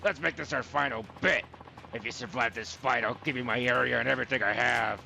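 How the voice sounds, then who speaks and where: A man's voice: mid-range voice, brisk, vocal fry, sharp tone, a little hiss or hum, heavily acted. A man reading out the lines of a boastful, ruthless male billionaire gambling boss from a video game, in a taunting, cocky manner.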